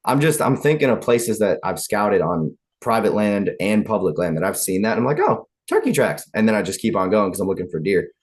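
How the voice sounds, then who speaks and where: Rambling Southern host, lowish voice. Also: male voice, brisk, few pauses. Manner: rambling, self-interrupting, chatty. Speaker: podcast host. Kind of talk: casual podcast chat.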